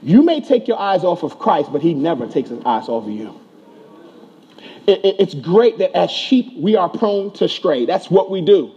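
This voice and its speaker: A man's voice: sits high, very animated, moderate pace, warm tone, breathy edge, muffled recording. A man preaching a sermon to a congregation, asking rhetorical questions and repeating key words for emphasis. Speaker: pastor.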